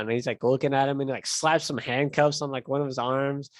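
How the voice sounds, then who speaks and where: A young man tells a long story in loose casual chat, swearing freely and leaning on fillers. His voice sits at an ordinary pitch. The sound is dry and close, with almost no room in it. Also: flat delivery, normal speed, no room sound. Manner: rambling, profane, filler-heavy storytelling. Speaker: podcast host.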